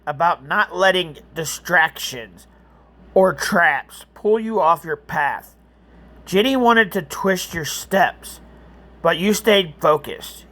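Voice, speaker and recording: Man, storyteller, high voice, slow and deliberate, earnest, chatty with viewers. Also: pushed and bright. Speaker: storyteller and channel host. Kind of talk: reading a second-person story with Bible reflection.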